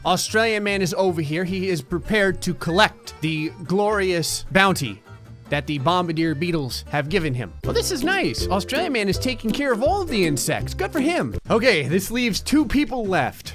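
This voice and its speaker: A man with a fairly high voice giving joking commentary over gameplay. He narrates dryly, then jumps sharply upward when something surprises him. Quiet game music plays behind him. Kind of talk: casual let's-play commentary.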